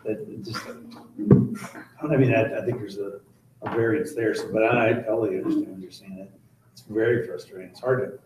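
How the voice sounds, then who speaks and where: A man's voice: fairly low pitch, fairly even intonation, moderate pace, reverberant, far from the mic, noisy background. A man who teaches math, talking casually and with a joking, rambling manner in a class discussion.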